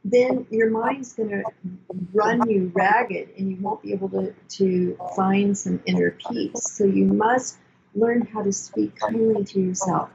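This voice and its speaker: An older woman therapist explaining emotional self-care in an earnest, coaching way, with gentle self-soothing asides. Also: medium pitch, fairly even intonation, measured pace, vocal fry. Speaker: therapist guest. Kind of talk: explanatory podcast talk. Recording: dull lo-fi sound with faint noise.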